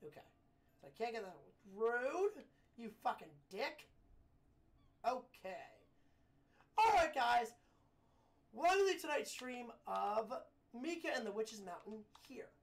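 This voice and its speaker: A woman's voice: fairly high pitch, big pitch swings, slow pace, long pauses. Playful, foul-mouthed woman streaming a game. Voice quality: profane, playful, loose. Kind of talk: casual gaming commentary.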